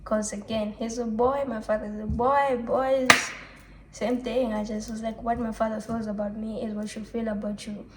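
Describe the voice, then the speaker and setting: A young woman talking through a personal confessional vlog, reflective and halting, often restarting her sentences and letting out soft sighs. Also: on the high side, flat delivery, heavy background noise. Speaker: vlogger. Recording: echoey room.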